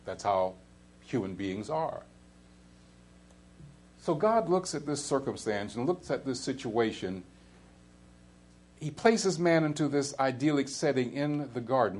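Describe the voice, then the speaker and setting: A man preaching a sermon in a conversational way, pausing and restarting often, then climbing to emphatic high peaks. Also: a little hiss or hum. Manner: halting restarts and fillers. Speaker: pastor.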